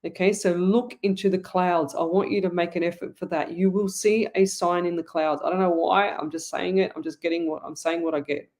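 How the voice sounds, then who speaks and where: A woman's voice: lowish voice, fairly even intonation, a little fast, hardly any pauses, darkish tone. A middle-aged Australian woman hosting a live online psychic show, talking to viewers in a chatty, rambling way with many restarts. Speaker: psychic medium host. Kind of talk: live online reading, answering viewer comments.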